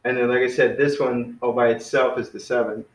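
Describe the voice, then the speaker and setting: A man teaching a casual online beginner class, relaxed and friendly, often saying "man" and "you know.". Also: mid-range voice, fairly quick, roomy sound, poor audio.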